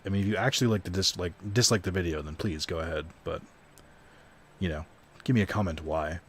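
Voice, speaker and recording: A man's voice: sits low, a little fast, a bit bright, a little hiss or hum. A young man casually commenting on a card video game stream, rambling and self-deprecating, swearing now and then.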